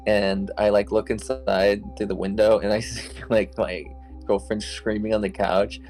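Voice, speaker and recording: A man's voice: fairly low pitch, little pitch movement, moderate pace, a little mellow, soft background music, low-quality recording. A young man casually telling a wild story as an interview guest, rambling with lots of "like" fillers, swearing and laughing as he goes.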